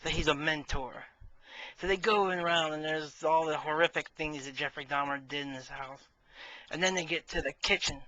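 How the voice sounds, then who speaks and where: A man's voice: a little high, fairly even intonation, normal speed, sharp tone, dry recording, poor audio. A man casually telling jokes in a chatty, self-amused way as a vlogger.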